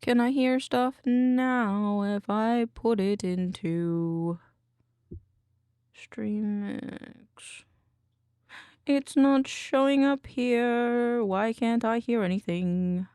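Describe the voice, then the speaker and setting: Woman streamer, rambling and cranky, slightly high voice, dry close sound. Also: extremely slow, long pauses, darkish tone, clear, resonant tone, no echo. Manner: cranky, rambling, swearing, mutters to herself. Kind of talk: casual stream chat.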